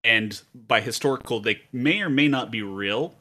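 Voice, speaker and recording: A man with a bright, forceful voice explains a game's setting in relaxed podcast chat. He laughs easily and fills pauses with ums and uhs. He sounds clear and close to the mic. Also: medium pitch. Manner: laughs often, explains at length with fillers. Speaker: game master and podcast co-host. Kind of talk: casual podcast chat and game narration.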